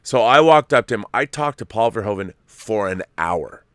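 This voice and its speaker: A man in his fifties hosting a casual podcast chat, telling stories in an animated, profane way. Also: lowish voice, normal speed, no room sound, clean studio sound. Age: 50s. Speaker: show host.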